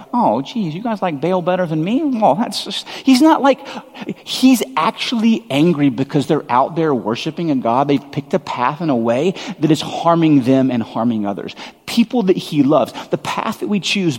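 A male pastor gives a loose, chatty sermon, stumbling over fillers and restarts before building into animated stretches. His voice carries a husky edge, and it rings out with the long reverb of a big hall. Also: on the high side.

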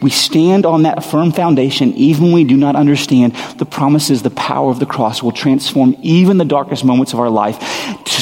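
A man preaching from the pulpit with a husky, slightly breathy voice in an ordinary middle register. He speaks earnestly and leans on repeated phrases for emphasis. A long hall reverb trails behind every line. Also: medium pitch, a little mellow. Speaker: pastor. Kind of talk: sermon.

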